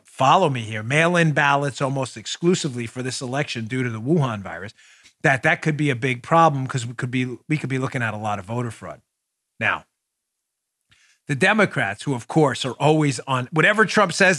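Excitable loud-talking man hosting a show. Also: medium pitch. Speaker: podcast host. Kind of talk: political talk show monologue.

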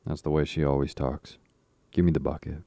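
A man's voice: extremely low pitch, level tone, fairly quick, vocal fry, dark tone, no room sound. A man reading the lines of a coaxing, scheming boy in an audiobook.

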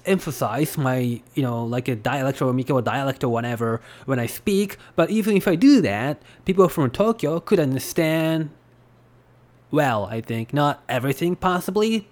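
A Japanese man with a Japanese accent hosting a podcast, talking in a loose, rambling way with lots of fillers. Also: a little high. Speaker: podcast host. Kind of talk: casual podcast talk.

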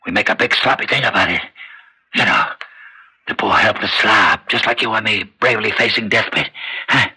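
An actor playing a scheming, bullying old gangster boss who is bedridden and weak, talking in rough street slang in a 1960s radio drama. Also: male voice, fairly low pitch, normal speed, bright, forceful tone, heavily acted, poor audio.

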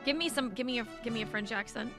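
A woman's voice: on the high side, fast, music in the background. A woman co-hosting a radio morning show, bantering with nervous, exasperated asides.

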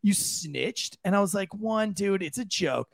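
A man co-hosting a podcast, telling a story in a casual, animated way and jumping into high voices for the people he quotes. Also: unhurried, gravelly, dry recording. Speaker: podcast co-host.

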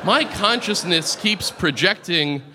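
A man performing a stand-up comedy set, with a deadpan, halting delivery full of pauses and fillers. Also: sits high, very noisy. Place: comedy club stage with audience laughter.

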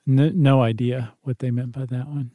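Man, podcast co-host, casual joking chat, mellow tone, dry close sound. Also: mid-range voice, little pitch movement, moderate pace, no room sound. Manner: playful, joking, chatty.

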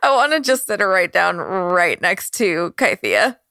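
A woman's voice: fairly low pitch, very animated, unhurried, sharp tone, dry recording, studio quality. A woman playing a tabletop game, rambling casually and giggling. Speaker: player.

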